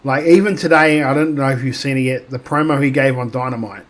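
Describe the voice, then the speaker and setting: An Australian man in casual podcast chat, rambling through his thoughts with plenty of fillers and false starts. His voice sits at an ordinary middle pitch. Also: fairly quick. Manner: rambling, filler-heavy, lots of restarts. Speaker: podcast co-host.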